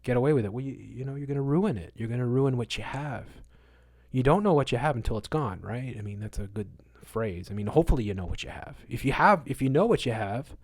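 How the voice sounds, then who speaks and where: A man's voice: mid-range voice, expressive, fast, no echo, studio quality. Emphatic man ranting on a livestream. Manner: emphatic, moralizing, repeats words for stress; swings between loud outbursts and muttered asides. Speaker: livestream host answering chat. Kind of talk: casual livestream rant.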